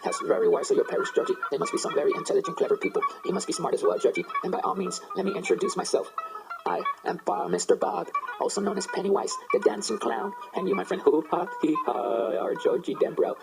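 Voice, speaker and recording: A man's voice: sits high, wildly swooping pitch, creaky, heavily acted, low-quality recording. A man voicing a sinister clown monster that coaxes a child, drawing out his words and repeating the boy's name. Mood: coaxing. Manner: slow drawn-out taunting, repeats the child's name. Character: sinister male clown monster, coaxing and predatory. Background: guitar music.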